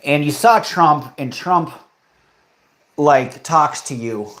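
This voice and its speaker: A young man hosts a live stream, chatting casually and reading viewer comments, tossing back offhand sarcasm. He speaks slowly in a slightly high, somewhat bright voice.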